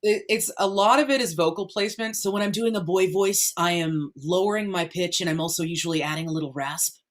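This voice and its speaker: A woman's voice: fairly low pitch, fairly quick. A woman from the United States, a voice actor answering interview questions in a chatty, explanatory way with many fillers and restarts. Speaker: guest voice actor.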